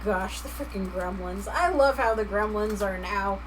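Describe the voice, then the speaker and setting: A woman's voice: medium pitch, moderate pace, distant mic, slight background noise, low-quality recording. A woman chatting casually on a live stream, laughing often and reading chat messages aloud while she works.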